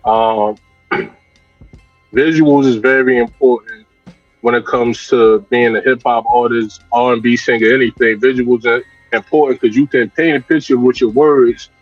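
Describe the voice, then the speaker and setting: A man's voice: mid-range voice, fairly even intonation, measured pace, dry recording, soft background music. A man, a hip hop and R&B artist, talking candidly and reflectively as a guest in a casual interview, often restarting his sentences. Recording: dull lo-fi dry sound.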